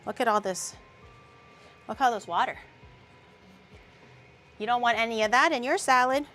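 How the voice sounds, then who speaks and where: A woman's voice: a little high, moderate pace, pushed and bright, faint music behind. A woman hosting a casual cooking tutorial, chatty and loose, with the odd crude joke. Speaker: vtuber cooking host.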